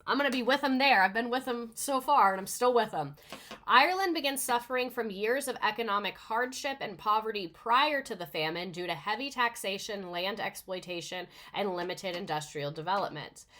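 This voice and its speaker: A young adult woman, a teacher, reads a history text aloud in a relaxed way. She keeps breaking off with chatty, sarcastic asides and swears freely. Her voice sits at a middle pitch. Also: a little fast. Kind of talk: casual reading with commentary.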